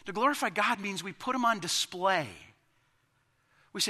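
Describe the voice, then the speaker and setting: Male pastor preaching, high bright voice, emphatic swells, church hall reverb. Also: normal speed. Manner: impassioned, building to emphatic peaks, with quiet asides. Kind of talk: sermon. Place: church sanctuary.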